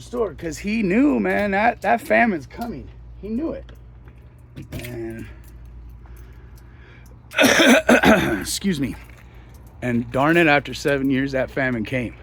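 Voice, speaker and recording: A man's voice: high voice, vocal fry, fairly bright tone. A middle-aged man, a hotel host, retelling a Bible story in a loose, slangy, rambling way. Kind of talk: casual storytelling.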